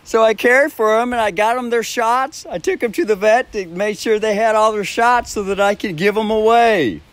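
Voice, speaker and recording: Standing by a backyard shed at his home, a man with a notably high, somewhat bright voice spins a homespun story at a moderate pace. He chuckles between phrases, curses freely and keeps looping back to restart sentences, and there's no room sound.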